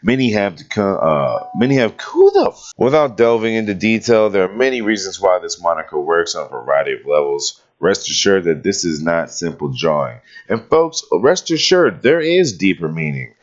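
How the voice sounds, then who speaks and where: A deep, low-voiced male host rambles through casual commentary and pokes fun at the writing he reads aloud. The audio sounds dull and lo-fi. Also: big pitch swings, a little fast, few pauses. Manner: sarcastic, mocks what he reads aloud.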